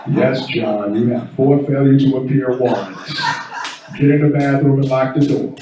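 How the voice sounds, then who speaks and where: A man's voice: mid-range voice, normal speed, noisy background, pitched below the performer's own voice, lightly acted. A man voicing a blunt, bossy, streetwise male home assistant. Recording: echoey room from far off.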